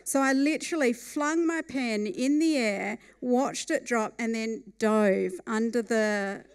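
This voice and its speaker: A woman telling a funny true story at a live storytelling night, with a wry and lively manner. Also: on the high side, takes it slowly, clear, resonant tone.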